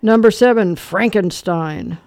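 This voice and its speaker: A man's voice: sits high, measured pace, creaky, a little mellow, dry recording, clean studio sound. An older man hosting a call-in oldies quiz on the radio, telling stories and quizzing callers with a laugh. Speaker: radio host. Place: radio studio. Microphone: studio microphone.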